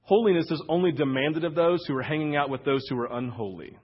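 A man's voice: on the high side, quick pace, slightly rough, dull audio. A man preaching a sermon as pastor in a conversational way, often checking in with the congregation. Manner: conversational preaching, frequent "right?" asides. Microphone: wireless church mic.

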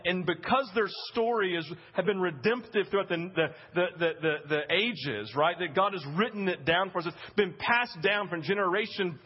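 A middle-aged male pastor preaching a sermon, telling a story with animated acted-out voices. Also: high-pitched, husky, in a large hall, dull audio. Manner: animated storytelling, acting out scenes.

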